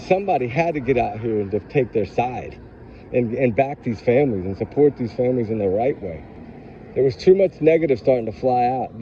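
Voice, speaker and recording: A man, talking in an upset, preachy way as he vlogs outdoors on his phone. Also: medium pitch. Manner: upset, preachy, Southern-style y'all talk. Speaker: true crime vlogger. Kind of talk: emotional casual vlog talk. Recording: dull lo-fi phone audio with faint street noise.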